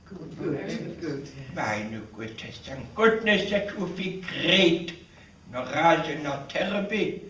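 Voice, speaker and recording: A man's voice: fairly high pitch, expressive, slow, pushed and bright, slight background noise, full character voice. A man channeling the spirit of an old German scientist, with a fake German accent and a toothless mumble, recorded far off in a roomy space. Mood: solemn. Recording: roomy, distant echo.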